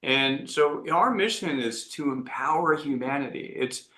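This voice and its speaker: A man's voice: a little high, animated, a little slow, pushed and bright, reverberant. A man speaking earnestly as an entrepreneur guest in an interview, often restarting his sentences. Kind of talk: reflective interview talk.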